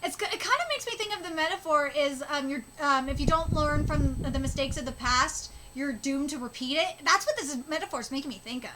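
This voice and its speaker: A woman in her thirties reads a manga live and reacts to it. Her voice is high and lively, and she gushes and swears freely as she talks. There is clear noise on her home recording. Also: brisk, hardly any pauses, poor audio. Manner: excitable and gushing, swears freely. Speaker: streamer.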